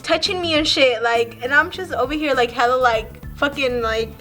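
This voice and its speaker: High, bright young woman rambling a story. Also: moderate pace, soft background music. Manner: rambling, profane, heavy use of "like". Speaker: vlogger. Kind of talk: casual storytime vlog.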